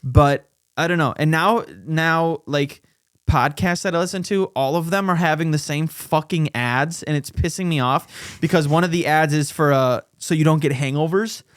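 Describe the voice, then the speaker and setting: Animated, cussing podcast co-host man. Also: fairly high pitch, moderate pace, smooth, dry recording, studio quality. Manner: animated, swearing, acts out quotes. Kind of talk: casual chat.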